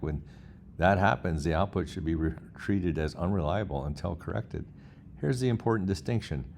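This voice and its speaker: A man's voice: deep voice, creaky, darkish tone, slight background noise. A man hosting a casual vlog, reading chatbot replies aloud with incredulous asides. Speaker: host.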